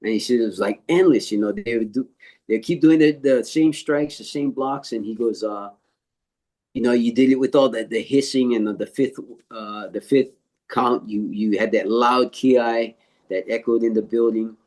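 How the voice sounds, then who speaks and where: Older man telling a story, halting. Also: medium pitch, a little mellow. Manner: halting, filler-heavy retelling with quoted dialogue. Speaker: martial arts instructor and author being interviewed. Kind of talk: interview storytelling.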